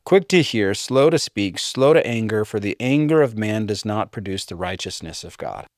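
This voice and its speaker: A man preaching a sermon, reading scripture aloud and joking by mimicking his listeners in high voices. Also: expressive, moderate pace, no room sound, clean studio sound. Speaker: pastor.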